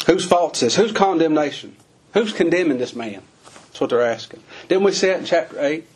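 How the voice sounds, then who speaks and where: Husky folksy man preaching. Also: on the high side, lively intonation, normal speed. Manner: folksy, questioning, with rural American phrasing. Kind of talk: sermon.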